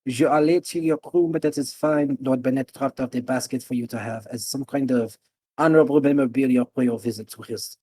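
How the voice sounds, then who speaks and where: A man voicing an excitable male innkeeper with a French accent, speaking loud and high. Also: a little fast, husky, close to an everyday voice. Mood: fussy, polite.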